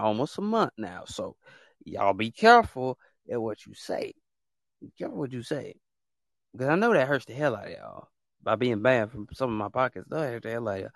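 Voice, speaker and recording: A podcast host scolds his listeners in a heated, repetitive monologue. His voice sits at an ordinary pitch. The sound is dry and close, with no room echo. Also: gravelly, fairly bright tone. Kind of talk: ranting monologue.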